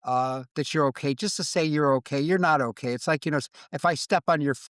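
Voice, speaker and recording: A man in his seventies, a veteran guest in an interview conversation, speaking in a reflective, halting way and acting out quoted exchanges. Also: a little high, a bit bright, dry recording.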